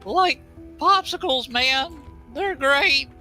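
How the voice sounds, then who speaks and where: A man voicing a creepy old man who lures kids with popsicles, in a high cackling croon, as a comic impression during a game chat. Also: takes it slowly, pushed and bright, faint music behind, heavily acted.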